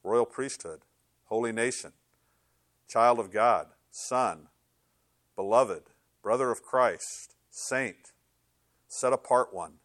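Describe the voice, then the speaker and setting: Older pastor preaching with animated storytelling. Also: male voice, mid-range voice, slow pace, pauses often, no echo, studio quality. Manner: animated storytelling, acts out inner dialogue. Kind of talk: sermon.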